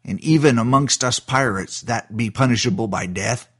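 A man growling as a gruff pirate captain. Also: medium pitch, normal speed, a bit bright. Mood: menacing.

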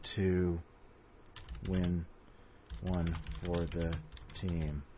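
A man's voice: low-pitched, level tone, extremely slow, noisy background. A man hosting a story podcast in a rambling, joking, self-mocking way, with a dull lo-fi recording. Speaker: podcast host. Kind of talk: casual rambling chat.

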